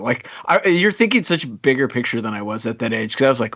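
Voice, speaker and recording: A man's voice: medium pitch, very animated, quick pace, hardly any pauses, a bit bright. A man hosting a podcast, chatting casually and teasing his guest with jokes. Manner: joking, teasing banter. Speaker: podcast host.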